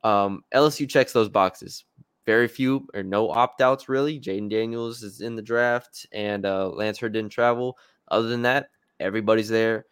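A man's voice: on the low side, clear, resonant tone, dry recording. A man co-hosting a sports podcast, talking casually and hedging with fillers and restarts.

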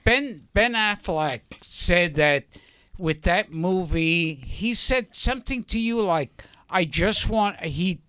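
High, bright-voiced male host. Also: animated, takes it slowly, smooth, no echo. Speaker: podcast host. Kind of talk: interview questions.

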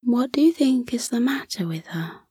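A sweet, shy little boy bunny, whispered by a woman in whispered role-play, his voice raised high and breathy. Each soft, curious line sits close and dry against the mic. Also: expressive, normal speed, no room sound.

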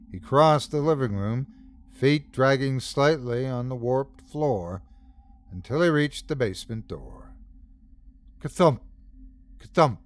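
A man's voice: medium pitch, clean tone. A man hosting and narrating a scripted horror story, dramatic in delivery and voicing the repeated thumping sounds himself. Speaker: podcast host and narrator.

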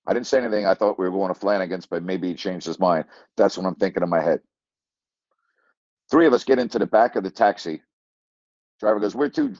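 An older male sports broadcaster tells a story in a loose, rambling way, circling back on his phrases and chuckling as he goes. His voice sits low, and the sound is dry and a little dull, like a lo-fi recording. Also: fairly quick, long pauses, darkish tone, no echo. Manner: rambling, repeats phrases, chuckles mid-sentence. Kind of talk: casual storytelling monologue.

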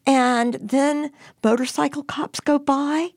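A woman's voice: high-pitched, takes it slowly, no echo, clean studio sound. An older woman vividly retelling a personal story to an interviewer, acting out what people said. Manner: lively, animated retelling with acted-out quotes.

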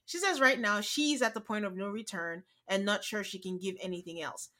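A woman co-hosting a podcast, chatting casually and retelling scenes by quoting people in a flat, drawn-out voice. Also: medium pitch. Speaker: podcast co-host. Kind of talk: casual recap chat.

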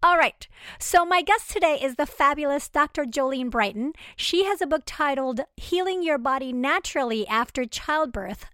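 A woman's voice: high voice, sharp tone, no echo, clean studio sound. A woman hosting a podcast, reading an upbeat introduction and asking questions in an enthusiastic, casual way with small laughs. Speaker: podcast host.

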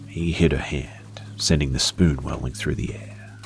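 Brief: man with an extremely low voice, scripted horror narration, hushed and slow, faint music underneath. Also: steady tone, gravelly, whispered.

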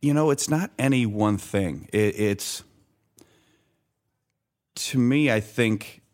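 A man's voice: on the low side, takes it slowly. A middle-aged man telling a story in conversation, acting out what others said and restarting his sentences often. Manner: animated anecdote teller, acts out quoted voices, many restarts. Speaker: guest, former bank sales desk worker.

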